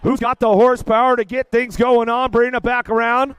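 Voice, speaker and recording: An older man calling a kids' bike race live, energetic and chatty, getting a bit emotional. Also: extremely high pitch, fairly quick, slight background noise. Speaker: race announcer. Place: outdoor race track.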